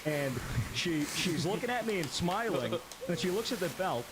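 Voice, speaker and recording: Animated man telling a wild story. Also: high-pitched, moderate pace. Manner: animated, swearing, laughs while telling. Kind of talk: casual storytelling chat. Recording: loud background noise.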